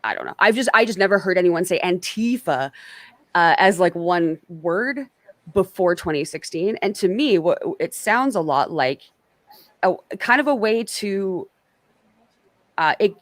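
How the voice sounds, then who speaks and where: A woman's voice: lowish voice, lively intonation, a little slow, fairly bright tone, no room sound. A woman hosting a casual political panel on a stream, chatty and self-qualifying, often restarting her sentences. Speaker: stream host.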